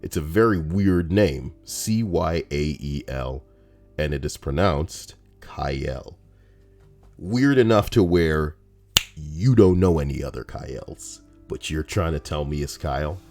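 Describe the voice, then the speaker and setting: A man with a low voice swinging widely in pitch, riffing on a livestream. He rambles and swears freely as he reads out online posts, with faint music playing underneath. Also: a little slow. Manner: rambling, profane, animated. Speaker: streamer reading Reddit posts. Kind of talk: casual livestream commentary.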